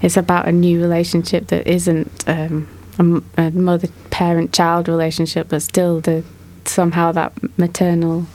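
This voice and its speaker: A woman leading a casual art discussion, a mother, describing artworks slowly and thoughtfully. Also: fairly low pitch, completely flat delivery, a little mellow. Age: adult mother. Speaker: discussion moderator.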